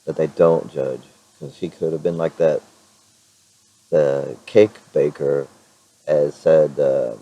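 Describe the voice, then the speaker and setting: A middle-aged man chatting in a casual vlog with a hoarse, raspy voice, rambling with many fillers and restarts. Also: extremely low pitch, fairly even intonation, slow, warm tone, muffled recording. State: clears throat now and then. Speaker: vlogger.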